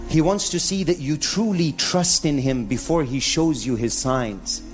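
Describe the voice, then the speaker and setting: A man preaching a lively live sermon to an audience, mixing Arabic phrases into English, in a venue with a sound system. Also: a little high, unhurried, soft background music. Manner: animated, mixes in Arabic phrases.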